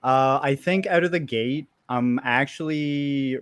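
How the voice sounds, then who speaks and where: A man on a gaming podcast panel, talking enthusiastically and repeating himself when excited. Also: mid-range voice, slow pace, clean tone, no echo. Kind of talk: casual panel chat.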